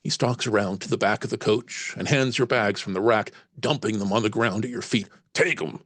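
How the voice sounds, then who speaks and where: A man's voice: lowish voice, steady tone, brisk, a bit bright, dry recording. A man narrating a solo tabletop horror game as game master, reading passages aloud and musing over the choices. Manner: reads aloud, then muses on choices.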